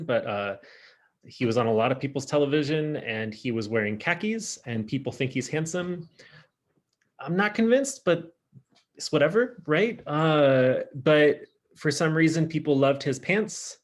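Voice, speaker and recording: A man teaching a casual online French class, chatty and upbeat, slowing down to model pronunciation. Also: mid-range voice. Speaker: high school French teacher.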